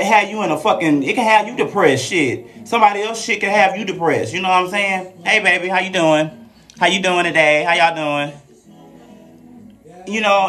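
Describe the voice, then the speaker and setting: A transgender woman chatting frankly and profanely with viewers on a live stream. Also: fairly low pitch. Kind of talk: casual live-stream chat. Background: faint classical Christmas music.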